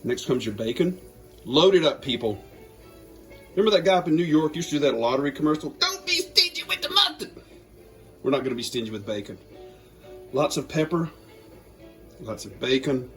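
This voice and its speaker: A man's voice: medium pitch, fairly quick, pauses often, soft background music, rough recording. A man with a Georgia accent hosting a casual cooking demonstration, joking and talking to viewers while he cooks. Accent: Southern US, Georgia. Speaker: home cook and channel host.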